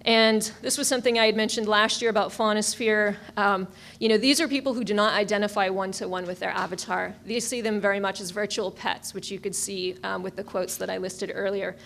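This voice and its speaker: A woman's voice: medium pitch, fairly even intonation, a little fast, creaky, hardly any pauses, a bit bright. Woman giving an informal academic lecture. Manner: conversational, frequent ums and you-knows. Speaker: conference lecturer. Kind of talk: academic conference talk. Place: conference lecture hall.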